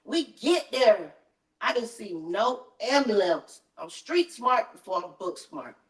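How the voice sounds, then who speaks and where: A woman telling her story as a mother in an interview, animated and repetitive, quoting what others said to her. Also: medium pitch, slow pace. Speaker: interview guest, mother of the deceased. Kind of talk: emotional storytelling, reenacting conversations. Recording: echoey room, voice far from mic.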